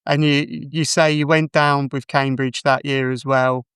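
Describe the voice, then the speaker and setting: A man's voice: medium pitch, little pitch movement, unhurried, a bit bright, clean tone, no echo, studio quality. A man hosting a podcast, asking attentive questions and backing up his guest. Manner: attentive, encouraging, short backchannels. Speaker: podcast host. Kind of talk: interview questions.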